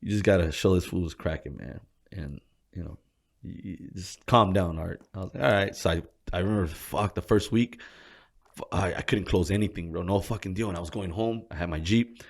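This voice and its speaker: Low, gravelly man telling stories casually. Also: a little fast. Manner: profane, animated storytelling with slang. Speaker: gym co-owner, interview guest. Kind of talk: casual storytelling interview.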